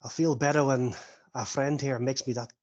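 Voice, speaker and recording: A man voicing a gruff male dwarf lord who likes his drink, in a tabletop game. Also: medium pitch, steady tone, normal speed, darkish tone, lo-fi sound, lightly acted. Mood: jovial. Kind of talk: tabletop role-play voice.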